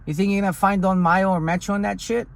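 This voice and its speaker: A man's voice: high voice, fairly even intonation, quick pace, vocal fry. A man talking in a blunt, profane, rambling way in a casual vlog, recorded outdoors on a hill. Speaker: vlogger.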